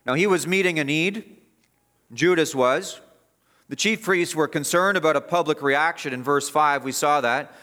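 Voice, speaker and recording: A man's voice: a little high, moderate pace, pushed and bright. A man preaching an expository sermon as pastor, emphatic and repeating phrases for stress.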